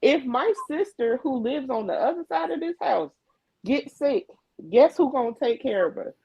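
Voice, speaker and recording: A woman's voice: high voice, lively intonation, normal speed, creaky, warm tone, breathy edge, no room sound, rough recording. A middle-aged woman co-hosting a livestream in candid conversation, emphatic and repeating phrases to drive her point home. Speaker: livestream co-host. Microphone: video call mic.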